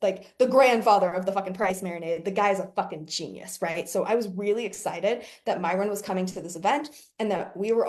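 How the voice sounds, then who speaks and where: A woman's voice: medium pitch, a little mellow. A woman business coach talking casually to her audience, brash and profane, laughing often between points.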